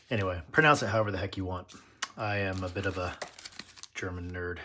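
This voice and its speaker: A man's voice: sits low, moderate pace, pauses often, bright, forceful tone, a little hiss or hum. A man hosting his tool channel, chatting casually and nerdily through an unboxing and correcting himself as he goes. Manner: chatty, nerdy, self-correcting.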